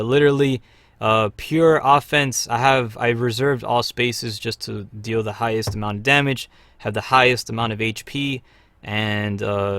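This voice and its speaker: A man's voice: mid-range voice, a bit bright, dry recording. A man hosting a live gameplay stream, chatting upbeat with frequent fillers as he plays. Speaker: livestream host.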